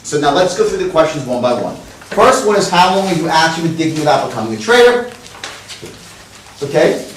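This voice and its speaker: Profane sales trainer in an echoing room. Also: male voice, fairly high pitch, sing-song, brisk, long pauses, slight background noise. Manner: blunt, profane, swings into loud exaggerated demonstrations. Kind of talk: live sales training talk. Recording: very echoey room, speaker far from mic.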